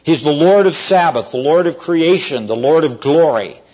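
An earnest male preacher delivers an evening sermon, his fairly high voice rising and falling a great deal. He slows down to press key words home. The recording is dull and lo-fi. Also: lively intonation, darkish tone. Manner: earnest storytelling, often slowing to stress words.

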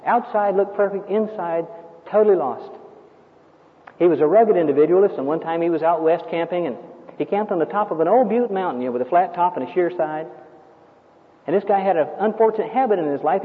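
High-voiced preacher on a tinny recording. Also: male voice, lively intonation, a little fast. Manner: emphatic, storytelling, rhetorical questions. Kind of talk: sermon. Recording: tinny lo-fi sermon recording with long hall reverb.

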